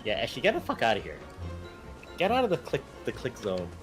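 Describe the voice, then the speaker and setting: Excitable swearing male streamer. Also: fairly quick. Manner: excitable, swears loudly, jumps into high yelps. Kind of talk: casual gameplay chat. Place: indoors at a gaming chair. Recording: stream with game music underneath. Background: game music.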